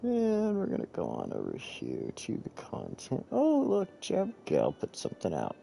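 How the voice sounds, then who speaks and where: A man's voice: mid-range voice, wildly swooping pitch, measured pace, vocal fry, dark tone, slight background noise. A man hosting a casual live game stream, rambling and swearing as he talks to his chat while clicking through menus. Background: faint background music.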